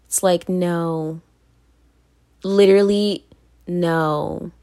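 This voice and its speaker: A woman's voice: on the low side, fairly even intonation, very slow, warm tone. A woman from Virginia talking straight to camera in a blunt, profane monologue, repeating phrases for emphasis and laughing between points. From Virginia, United States. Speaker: vlogger.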